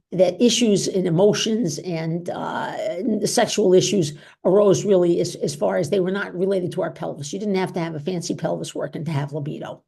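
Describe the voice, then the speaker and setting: Gravelly low-voiced woman doctor, chatty talk. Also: mellow. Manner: chatty, frequent "okay?" and "you know" tags. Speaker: physician presenter. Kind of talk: informal medical talk with Q&A.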